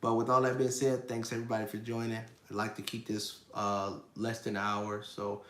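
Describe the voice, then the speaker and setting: This thirty-something man hosts a casual live finance stream, answering chat and emphatically repeating his points. His voice is on the low side and level in tone, a little fast and fairly bright, with a reverberant sound.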